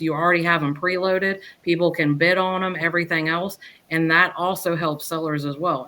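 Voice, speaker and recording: A woman guest on a podcast, chatting casually in a rambling, lively way and often restarting her sentences. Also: low voice. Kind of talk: casual chat.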